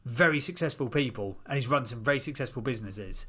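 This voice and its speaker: A middle-aged man, a podcast guest, telling a personal story in an animated, casual way. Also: mid-range voice, husky. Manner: animated, quick storyteller with restarts.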